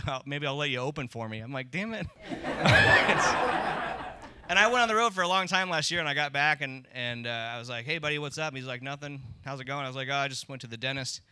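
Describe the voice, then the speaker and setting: A man's voice: medium pitch, sharp tone, clear, resonant tone, no echo. A middle-aged man doing a crude, rambling stand-up set on a comedy club stage, talking into a handheld mic.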